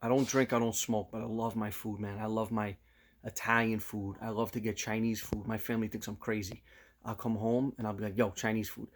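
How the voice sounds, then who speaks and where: A man's voice: lowish voice, fairly quick. Chatty New man in his fifties. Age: 50s. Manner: animated storyteller, slips into loud quoted voices. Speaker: vlogger. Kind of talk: casual chat to camera.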